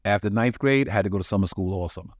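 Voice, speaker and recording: Fast-talking comedian telling a story. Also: male voice, on the low side, dry recording, clean studio sound. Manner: animated, profane, acts out quoted voices. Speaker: touring comedian, podcast co-host. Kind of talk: casual storytelling chat.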